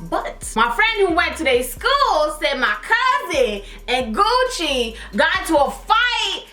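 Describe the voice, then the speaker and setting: High bright young woman. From Toronto area, Canada. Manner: animated, acts out everyone's lines. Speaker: vlogger. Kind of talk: casual storytime. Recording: echoey room.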